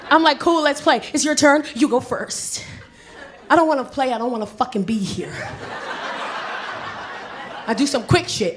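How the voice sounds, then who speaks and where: Brash high-voiced woman doing stand-up. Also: lively intonation, quick pace, slight background noise. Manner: brash, profane, acts out loud shouting bits. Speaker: stand-up comedian. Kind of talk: stand-up comedy set. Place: comedy club stage before a laughing audience. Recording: live club recording with loud crowd laughter. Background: crowd laughing and cheering.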